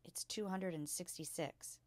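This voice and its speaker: A woman voicing a solemn, clever little girl who speaks quietly and softly. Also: fairly low pitch, normal speed, gravelly, no room sound. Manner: quiet, soft, truthful.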